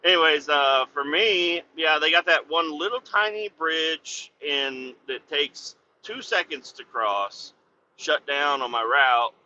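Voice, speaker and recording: A man's voice: a little high, slow, pushed and bright, a little hiss or hum. Cursing, rambling trucker man. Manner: rambling, heavy cursing, laughs at his own stories. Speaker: truck driver and podcast host. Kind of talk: casual storytelling chat. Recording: dull lo-fi audio.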